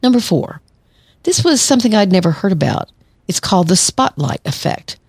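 A woman's voice: mid-range voice, big pitch swings, normal speed, a little mellow, breathy edge, no room sound, clean studio sound. A woman therapist hosting a solo podcast, talking conversationally and acting out quoted lines. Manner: conversational, acts out quoted lines, laughs lightly. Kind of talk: solo podcast advice talk.

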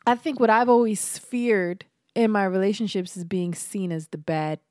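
A woman's voice: medium pitch, fairly even intonation, moderate pace, a little mellow, no room sound, clean studio sound. A woman guest on a podcast, chatting casually in a frank, earnest way and swearing freely. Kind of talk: casual chat.

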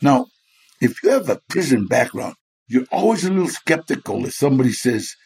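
A man's voice: mid-range voice, sing-song, brisk, creaky, a little mellow, husky. A man, a guest in an interview, telling stories animatedly, acting out the people he quotes and laughing often. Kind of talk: storytelling in a chat interview.

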